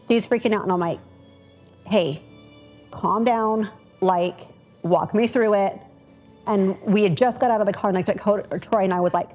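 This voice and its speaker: A woman's voice: medium pitch, fairly even intonation, moderate pace, long pauses, a little mellow, faint music behind. A woman in a documentary interview, retelling events and acting out what people said. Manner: retells events with quoted dialogue.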